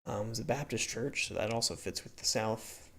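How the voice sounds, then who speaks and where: A young man hosting a gaming video, thinking out loud and reading signs as he plays. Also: fairly low pitch, normal speed. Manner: muttering, reads signs aloud, thinks out loud. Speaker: gaming channel host. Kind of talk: let's-play commentary.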